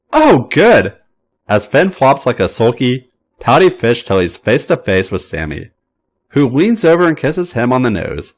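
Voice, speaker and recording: A man reading a story aloud as the podcast's narrator, in an expressive, animated way. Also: on the low side.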